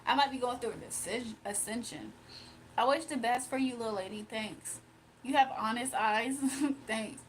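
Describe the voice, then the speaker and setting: A young woman from Virginia hosting a casual livestream, reading comments aloud, emotional and quick to laugh. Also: a little high, a little hiss or hum. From Virginia, USA. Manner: emotional, giggly, talks to chat. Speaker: livestream host.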